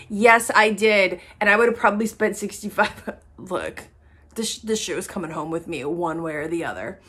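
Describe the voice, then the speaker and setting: A woman vlogger chatting casually to camera about her shopping haul, excitable and swearing freely. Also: medium pitch, moderate pace.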